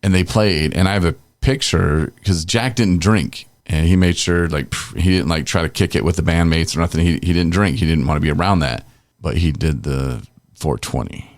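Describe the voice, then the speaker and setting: Middle-aged podcast guy, real low gravelly voice, rambles on and chuckles, dry close mic. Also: normal speed, dry recording. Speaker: podcast host. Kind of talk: casual podcast chat.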